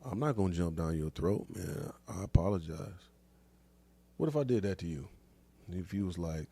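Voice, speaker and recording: A man's voice: sits low, expressive, moderate pace, creaky, pauses often, warm tone, husky. A middle-aged man hosting a casual chat show, talking loosely in slang and laughing often. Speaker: podcast host.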